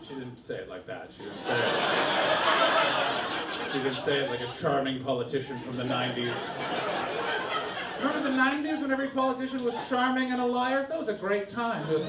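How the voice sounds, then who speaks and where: Animated man doing stand-up in a roomy club. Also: fairly high pitch, normal speed, very noisy. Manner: energetic, swings to loud mock voices. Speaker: stand-up comedian. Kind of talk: live stand-up comedy. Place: comedy club stage. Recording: roomy live club sound, distant mic, loud crowd laughter. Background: audience laughing.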